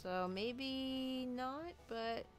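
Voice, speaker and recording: A woman talks through a character design as she draws, at a slow, unhurried pace. She muses aloud and hesitates, restarting her sentences and filling pauses. Soft music plays faintly in the background. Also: high-pitched. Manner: musing, hesitant, with many fillers and restarts. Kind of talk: casual thinking-aloud commentary while drawing.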